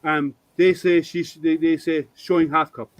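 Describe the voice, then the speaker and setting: Man hosting a maker hangout, slightly high voice, rambles with ums, dry close sound. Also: little pitch movement, normal speed, no room sound, poor audio. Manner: rambling, full of ums and restarts. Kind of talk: casual chat.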